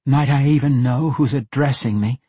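A man's voice: mid-range voice, moderate pace, mellow, slightly rough, no echo, pitched above the performer's own voice, close to an everyday voice. A man voicing a frightened half-elf woman adventurer in an audiobook, speaking in a strained, pleading way. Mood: tense. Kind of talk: audiobook character voice.

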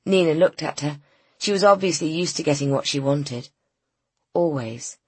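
A woman narrating a novel as an audiobook, in calm, even storytelling. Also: deep voice, fairly quick, breathy edge, dry recording. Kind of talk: scripted narration.

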